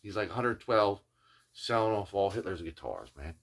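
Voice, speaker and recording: Speaking in a low, animated voice at a moderate pace, an older man recounts a long, informal story on his guitar restoration video journal. "You know what I mean" keeps cropping up, and he adopts playful voices to quote others.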